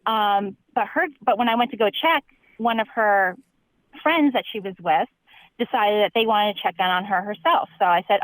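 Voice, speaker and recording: A young woman calling in to a podcast, telling a long story in an animated, chatty way with plenty of fillers. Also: mid-range voice, moderate pace, no echo, rough recording. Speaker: caller. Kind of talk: casual storytelling.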